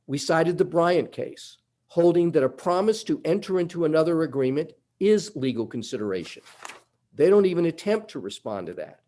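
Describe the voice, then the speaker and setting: A man's voice: fairly high pitch, darkish tone. A man arguing a summary judgment motion before a judge in a courtroom, methodical and emphatic as he walks through legal points. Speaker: attorney.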